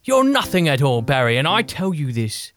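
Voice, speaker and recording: A man's voice: on the high side, big pitch swings, normal speed, fairly bright tone. A man playing a stern, stuffy senior male knight in a comedy sketch, scolding and exasperated in a formal manner.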